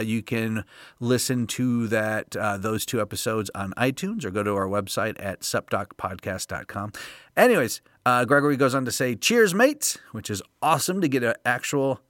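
A man of medium pitch hosts a podcast by himself, chatting casually with an upbeat, joking manner and plenty of "uh"s. His voice sits close to the microphone in a dry space with no room sound. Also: a bit bright, no room sound. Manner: upbeat and jokey, loose with fillers. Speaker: podcast host. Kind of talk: casual solo podcast talk.

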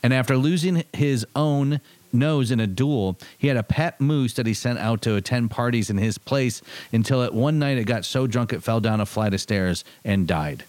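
A man co-hosting a podcast in casual chat, quick to agree and enthusiastic. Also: mid-range voice, darkish tone, no room sound. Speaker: podcast co-host.

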